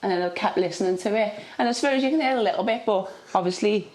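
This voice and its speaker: A woman's voice: medium pitch, quick pace, a little mellow. A woman with a Scouse accent telling casually how she filmed a babysitting moment, chatty and adding little tag questions. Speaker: babysitter who filmed the video. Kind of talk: casual interview.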